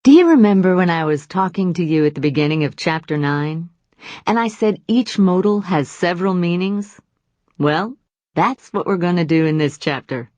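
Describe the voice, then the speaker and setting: A woman's voice: on the low side, expressive, normal speed, a little mellow, dry recording. Woman teaching a grammar lesson. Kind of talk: scripted grammar lesson narration.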